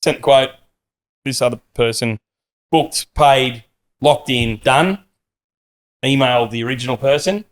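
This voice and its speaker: A man's voice: mid-range voice, measured pace, pauses often. A man, a podcast host telling rambling anecdotes in casual chat and acting out the people in them.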